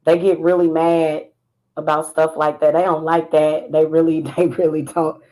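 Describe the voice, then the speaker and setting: A woman vlogging in casual chat, animated and sassy, often laughing. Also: low voice, moderate pace, poor audio. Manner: animated, laughing, singing snatches of a chorus; sassy, defiant. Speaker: spiritual vlogger.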